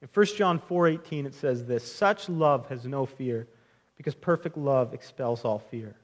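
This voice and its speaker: A man's voice: mid-range voice, measured pace. A young man preaching a sermon in an earnest, conversational way, often restarting phrases and speaking directly to his listeners as friends. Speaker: pastor.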